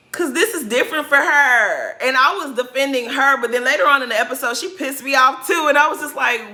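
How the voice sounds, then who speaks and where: A woman's voice: sits high, animated, moderate pace, pushed and bright. A woman giving blunt, sassy reaction commentary on a reality show, talking straight to the cast.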